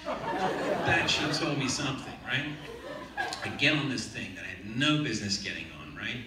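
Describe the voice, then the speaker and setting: A man telling a story on stage in an animated, playful way. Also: mid-range voice, brisk, noisy background. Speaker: guest actor. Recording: echoey hall, mic from far off.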